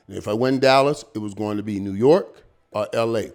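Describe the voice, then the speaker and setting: A middle-aged former pro football player guests on an interview, spinning stories in loose, lively talk full of repeated words and tossed-in "man" and "dog." His voice is fairly low and he moves at a quick clip.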